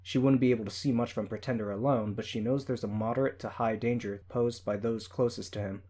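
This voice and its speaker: A man's voice: medium pitch, fairly even intonation, brisk, darkish tone, close to an everyday voice. A man voicing a firm, commanding female team leader. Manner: firm, tight.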